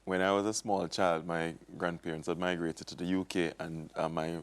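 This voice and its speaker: A man in his forties speaking as a guest on a TV show, calm and measured, with many small fillers. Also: low voice. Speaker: educator, guest. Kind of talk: studio interview.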